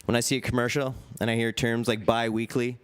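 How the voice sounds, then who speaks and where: A young man doing a stand-up set with a dry, deadpan delivery on a comedy club stage. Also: mid-range voice, quick pace, clean tone.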